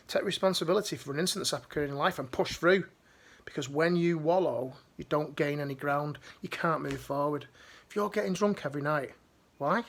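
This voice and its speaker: Gravelly man, coaching pep talk. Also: on the high side, a bit bright. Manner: emphatic, direct, repeats key phrases. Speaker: life coach. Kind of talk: motivational talk to camera.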